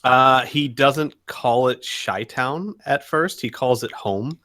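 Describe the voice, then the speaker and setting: A man describing his character's actions in a tabletop game, hesitant and full of pauses. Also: mid-range voice, sharp tone. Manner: hesitant, many ums and restarts. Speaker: player.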